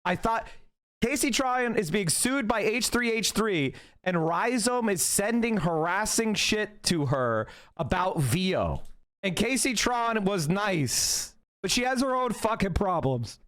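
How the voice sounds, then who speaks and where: A male livestreamer talks straight to his chat in a heated, emphatic rant. His voice sits high for a man. He swears freely and repeats phrases to drive each point home. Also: sing-song, slow pace, fairly bright tone. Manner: profane. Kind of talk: livestream commentary, reacting to chat.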